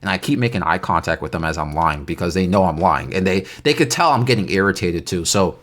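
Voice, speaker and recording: Low-voiced young man telling a story. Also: fast talker. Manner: animated, incredulous, reenacting. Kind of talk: casual story time vlog.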